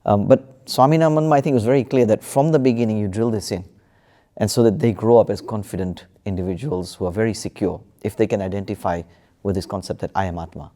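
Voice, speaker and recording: A man telling a story in a relaxed spiritual panel discussion, with plenty of fillers and restarts. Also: on the low side, fast talker. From United Kingdom. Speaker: panel speaker.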